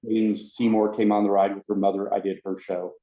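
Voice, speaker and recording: A man telling anecdotes as a podcast guest, a lively storyteller who acts out the other people in his stories. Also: lowish voice, fairly quick. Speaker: podcast guest, former theme park ride attendant. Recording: roomy, dull lo-fi sound.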